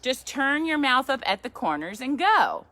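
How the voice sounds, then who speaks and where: A woman reading a children's picture book aloud at storytime, chatty and playful. Her voice is high and bright, with a very lively pitch that swoops up on exclamations. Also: normal speed, slight background noise. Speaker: yoga teacher reading to a child.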